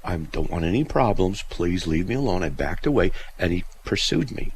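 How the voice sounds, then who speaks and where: A man hosting a call-in radio show, telling stories in an animated way, often laughing and acting out other people's shouting. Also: low-pitched, moderate pace, slight background noise. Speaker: radio host. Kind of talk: casual storytelling on call-in radio.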